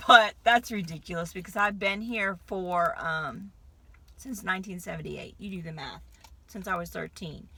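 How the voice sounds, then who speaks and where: A woman in her fifties, originally from New England, rambles to her viewers in a casual chat with a light Southern drawl. Her voice is gravelly at the edges yet bright and forward. She talks in a hyper way, hopping from one thought to the next. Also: on the low side, normal speed. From Connecticut, US. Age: 50s. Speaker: vlogger.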